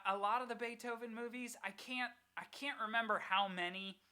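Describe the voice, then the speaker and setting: A young adult podcast co-host chatting casually and telling animated stories. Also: medium pitch, brisk, clear, resonant tone. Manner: animated storyteller. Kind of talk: casual chat.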